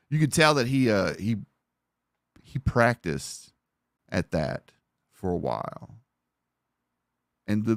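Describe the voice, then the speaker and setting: A man's voice: low-pitched, dry recording, clean studio sound. A man with an Alabama Southern accent, chatting casually on a live stream in a rambling, profane, offhand way.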